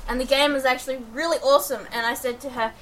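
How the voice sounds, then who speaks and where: A woman's voice: high voice, steady tone, fast talker, fairly bright tone, a little hiss or hum. A woman chatting casually about video games, giggly and rambling with many hesitations.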